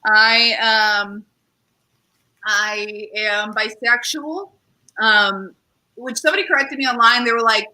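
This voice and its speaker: On poor audio, a young stand-up comedian and show host speaks slowly in a fairly high, sharp-toned voice. She rambles through self-deprecating material, leaning on fillers and putting on different voices.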